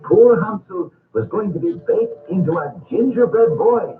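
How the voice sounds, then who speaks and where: Expressive male storybook narrator, tinny record. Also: high voice, reverberant. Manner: measured, expressive reading aloud. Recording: tinny old record with music.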